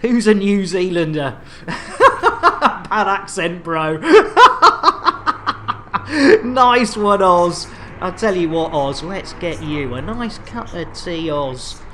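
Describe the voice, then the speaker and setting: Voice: medium pitch, lively intonation, a little slow, slight background noise. A game streamer chatting casually on a live stream, with jolly, chatty showman patter and playful catchphrases.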